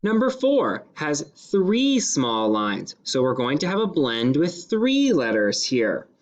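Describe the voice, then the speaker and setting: A male teacher leading a phonics lesson, sounding out each word slowly and deliberately. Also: a little high, huge pitch swings. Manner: slow, deliberate sounding-out of words. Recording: slightly dull lo-fi classroom recording.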